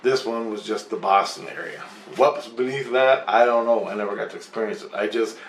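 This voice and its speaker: A man's voice: on the low side, a little fast, far from the mic, slight background noise. Rambling, swearing man in an echoey room. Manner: profane, rambling storyteller who acts out both sides of the talk. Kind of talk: rambling casual monologue. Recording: roomy echo.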